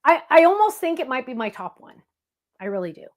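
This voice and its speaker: A chatty middle-aged woman hosting a craft livestream. Her voice sits a little high, and she gushes in a bubbly way as she talks to her viewers. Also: sing-song, a little fast. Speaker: craft show host. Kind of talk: casual livestream chat.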